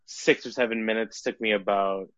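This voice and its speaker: Lively storytelling dad on a podcast. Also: male voice, lowish voice, no room sound, highs cut off. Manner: animated storyteller, quick bursts, laughs often. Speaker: podcast co-host. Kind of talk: casual chat.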